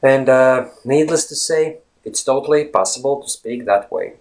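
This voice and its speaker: A man's voice: mid-range voice, normal speed, darkish tone. A man giving a casual English lesson, talking straight to viewers as friends and rephrasing his points as he goes. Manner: chatty, repeats and rephrases points. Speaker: English teacher. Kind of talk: casual teaching monologue.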